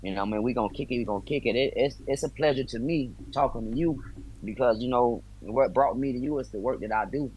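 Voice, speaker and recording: A man's voice: medium pitch, fast talker, a little mellow, breathy edge, muffled recording. A man, a bare-knuckle fighter from the US, chatting as a guest on a video call, friendly and talkative, with loose slang. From United States. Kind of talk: casual interview chat.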